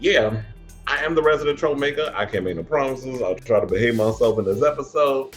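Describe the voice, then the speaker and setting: A man's voice: medium pitch, lively intonation, a little fast, faint music behind. A man hosting a casual pop culture panel show, sassy and playful with casual swearing. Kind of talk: casual chat.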